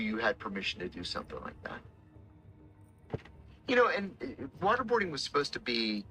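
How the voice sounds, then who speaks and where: A middle-aged man, a former intelligence officer, telling stories in a measured, dramatic way and acting out the quotes. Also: medium pitch, wildly swooping pitch, pushed and bright, faint music behind. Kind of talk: storytelling interview talk.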